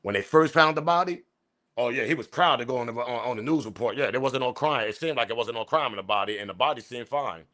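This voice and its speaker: A man hosting a commentary video, ranting about the news with profanity and loud emphatic bursts. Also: medium pitch, fast. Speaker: commentary channel host.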